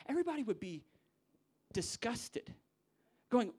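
A young man, a pastor preaching a sermon to church leaders, acting out quoted voices with big jumps in pitch. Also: moderate pace, a little mellow. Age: young adult.

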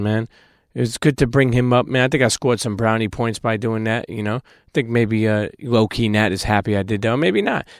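A man hosting a live podcast in front of an audience, telling rambling, animated, profane stories and taking questions. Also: on the high side. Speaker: host. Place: live event space with audience.

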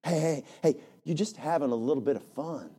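A preacher voicing a hushed, coaxing devil. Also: male voice, fairly high pitch, fairly quick, breathy edge. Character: sly tempting devil, smooth-talking man.

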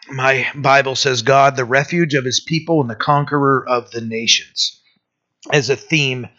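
Male preacher, bright tense tone, muffled lo-fi church tape. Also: medium pitch, fairly even intonation, measured pace. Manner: conversational preaching with restarts and rising emphasis. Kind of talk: sermon.

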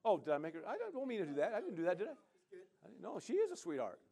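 A male pastor preaching a sermon, animated, with rambling, chatty asides to the congregation. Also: sits high, normal speed.

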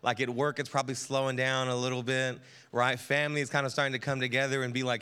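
Bright-voiced male pastor, chatty sermon. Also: mid-range voice, level tone, fast talker, few pauses, smooth. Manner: casual and chatty, many fillers and self-corrections. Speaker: lead pastor. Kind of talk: conversational sermon. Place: church sanctuary with congregation.

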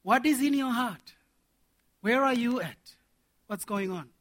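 A man preaching a sermon to men, animated and laughing as he acts out little scenes. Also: very high voice, measured pace.

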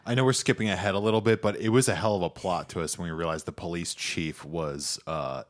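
A man's voice: sits low, brisk. A man co-hosting a casual comedy podcast, trading wry, playful jokes. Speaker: podcast co-host.

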